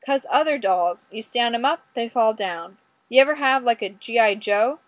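A woman's voice: a little high, expressive, normal speed, no room sound, close to an everyday voice. A woman reading a brash male detective. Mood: exasperated. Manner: blunt, exasperated, insistent.

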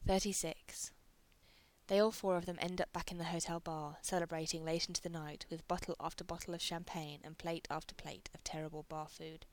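A woman's voice: lowish voice, level tone, normal speed. A woman narrating a story aloud, reading with light character voices. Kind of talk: reading fan fiction aloud.

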